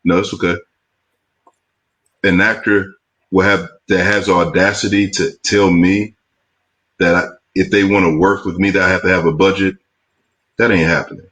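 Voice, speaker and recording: A man's voice: low voice, flat delivery, fairly bright tone, low-quality recording. A man hosting a casual chat as a film producer, blunt and emphatic, on a video call. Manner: blunt, emphatic, drawn-out asides.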